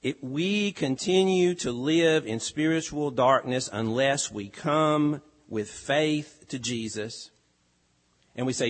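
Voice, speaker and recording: A pastor delivering a sermon, with an earnest, emphatic delivery that rises and falls. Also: male voice, medium pitch, measured pace. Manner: earnest, emphatic preaching with rising and falling delivery.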